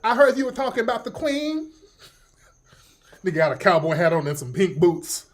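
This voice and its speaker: Sassy indignant male superfan, high nasal voice; a man puts it on. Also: sing-song, normal speed.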